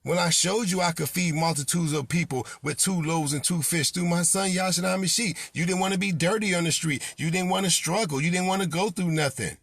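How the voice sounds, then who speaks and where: Gravelly, scolding male preacher. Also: high voice, brisk, few pauses, a bit bright, no echo, clean studio sound. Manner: scolding, confrontational, repetitive rebukes. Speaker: self-styled prophet preaching. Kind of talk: impassioned sermon.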